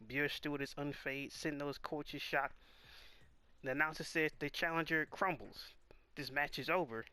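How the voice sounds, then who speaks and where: Casual male watch-along narrator, stammers a lot, bright tense tone. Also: fairly high pitch, steady tone, normal speed, smooth, dry recording. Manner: stammering, restarting, reading subtitles aloud. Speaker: video host reacting to a boxing anime.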